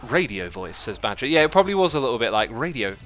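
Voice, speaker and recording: A man hosting a game livestream in a relaxed, rambling way, reading chat and planning out loud. His voice is bright and forward. Faint music plays softly in the background. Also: medium pitch, fast. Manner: chatty, thinks aloud, reads out chat messages. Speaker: livestream host. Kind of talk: casual chat while playing a building game.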